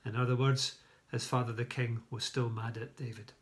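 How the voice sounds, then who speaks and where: A church leader reads a Bible story at an even, mid-range pitch. His delivery is plain and steady, and he breaks off now and then for brief explanatory asides. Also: moderate pace. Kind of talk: Bible story reading with commentary.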